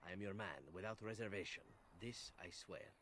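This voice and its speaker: An actor playing a charming, flirtatious male elf assassin in a video game, with a Spanish accent and a smooth, flattering delivery. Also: on the low side, normal speed, slight background noise, lightly acted.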